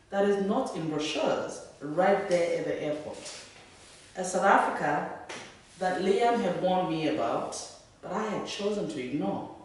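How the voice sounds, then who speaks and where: A woman author reading her own fiction aloud, then taking questions in a lively, laughing way. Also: lowish voice. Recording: echoey room, distant mic.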